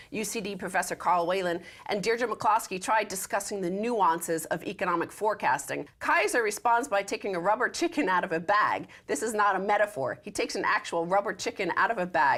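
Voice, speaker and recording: A woman's voice: mid-range voice, fairly bright tone. A woman co-hosting a show, commenting on the news and reading out articles in a dry, wry way. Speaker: show co-host.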